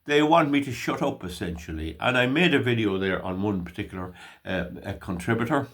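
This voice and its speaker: Older Irish man, vlog political commentary, emphatic and ranting, pitch swings widely. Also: animated, a little fast, fairly bright tone. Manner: emphatic, opinionated ranting delivery.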